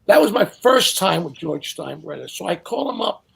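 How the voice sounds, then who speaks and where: An older man telling casual anecdotes as a guest, animated and acting out the people he quotes. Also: sits high, moderate pace, creaky, breathy edge. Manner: animated storyteller who acts out quotes. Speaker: guest storyteller.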